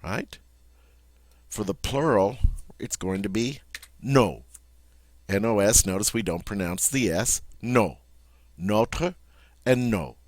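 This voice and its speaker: Slow, patient man teaching French. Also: lowish voice, no room sound. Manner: patient, repeats words slowly, checks in with "all right?". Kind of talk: classroom grammar lesson.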